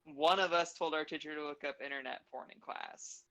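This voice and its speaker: Theatrical woman with a bright voice. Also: low voice, fairly quick, low-quality recording. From Los Angeles. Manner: animated, theatrical, laughs often. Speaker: stream co-host. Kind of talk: casual chat on a video call.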